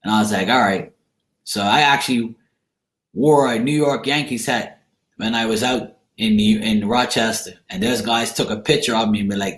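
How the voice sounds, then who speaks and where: A man's voice: fairly low pitch, moderate pace, fairly bright tone. A man telling a rambling story in a casual way, with many restarts and some laughs. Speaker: channel host. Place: room in a home. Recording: echoey room.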